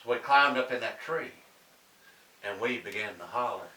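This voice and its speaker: Older man, storyteller; slow, animated delivery, heard from a distance in an echoey room. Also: mid-range voice. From Tennessee, US. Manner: slow, dramatic, draws out words, hushes and shouts. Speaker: family storyteller. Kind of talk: oral storytelling to family.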